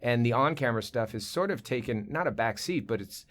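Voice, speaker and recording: An animated male voice actor chatting as a guest, mid-pitched and conversational. He tells stories eagerly and drops into little voices and impressions. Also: brisk. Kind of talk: casual interview chat.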